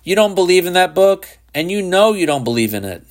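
A man's voice: mid-range voice, unhurried, lightly acted. A man voicing a bitter, exasperated father who speaks in a clipped way. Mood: scornful.

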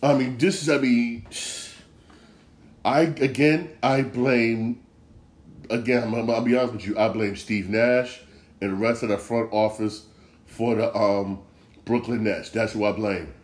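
A man's voice: medium pitch, steady tone, a little slow, long pauses, darkish tone. A man hosting a sports podcast, ranting heatedly with a lot of swearing and repetition.

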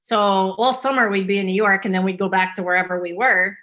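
A woman's voice: mid-range voice, fairly even intonation, a little fast, fairly bright tone. A woman with a Boston-area accent, a guest telling stories in a casual interview, rambling with many ums and likes.

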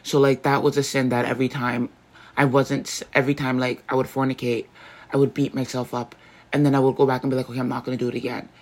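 A woman's voice: very deep voice, little pitch movement, brisk, darkish tone. A woman hosting a faith podcast, talking in an earnest, rambling way and often correcting herself mid-sentence. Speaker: podcast host.

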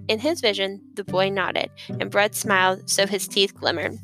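A woman reading a children's novel aloud as narrator, expressive and lively. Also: mid-range voice, normal speed, few pauses, soft background music, low-quality recording. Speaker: audiobook narrator. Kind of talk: scripted storybook narration.

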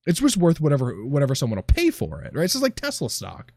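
A man's voice: medium pitch, wildly swooping pitch, quick pace, creaky, a little mellow, no echo. A man co-hosting a casual podcast chat, talking in a sarcastic, swearing way and often trailing off mid-sentence.

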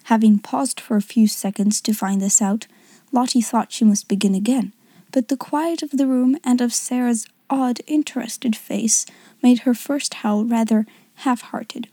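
A woman reading a classic novel aloud as an audiobook narrator, in an even, measured manner. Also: a little high, no echo. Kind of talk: scripted narration.

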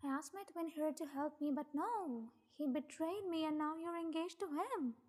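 A woman's voice: high-pitched, normal speed, darkish tone, long reverb tail, close to an everyday voice. A woman reading the part of an obsessive, jealous young man who mocks and taunts. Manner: taunting, mocking.

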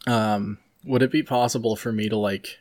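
A young man chats on a casual podcast in a slightly low voice. He rambles and muses with plenty of "like" and "right?" thrown in. The talk is loose and unscripted. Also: steady tone, moderate pace, darkish tone. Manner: rambling, filler-heavy, musing. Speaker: podcast co-host. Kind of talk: casual chat.

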